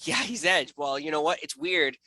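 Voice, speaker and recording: A man co-hosting a casual chat show, ranting in an excitable, animated way with jokey voices. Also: fairly high pitch, normal speed, no room sound. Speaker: podcast host.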